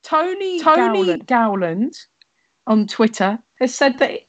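Woman host on a video call, dry playful read, slightly high voice. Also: sing-song, unhurried. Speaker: comedy club co-host. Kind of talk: deadpan interviewer reading listener messages.

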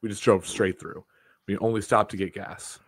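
A man telling a story on a podcast as a guest, animated and swearing freely. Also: on the low side, normal speed, breathy edge. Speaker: wrestling videographer guest.

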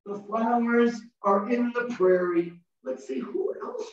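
A man's voice: very high-pitched, slow pace. A man leading young children through a story activity in an online class, playful and singsong, coaxing them into call-and-response. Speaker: early childhood educator presenting an online class. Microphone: video call. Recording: echoey, distant, dull video-call audio.

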